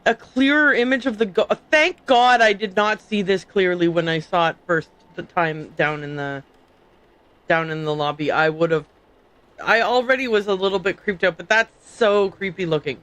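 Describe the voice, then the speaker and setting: A woman's voice: mid-range voice, moderate pace, fairly bright tone, rough recording. A woman streamer giving casual, jokey commentary while reading on-screen game text aloud.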